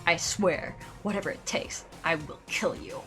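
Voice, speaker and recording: A woman's voice: lowish voice, sing-song, normal speed, a bit bright. A woman voicing an arrogant, overconfident rich young man who speaks in cold, haughty threats. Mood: menacing. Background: music.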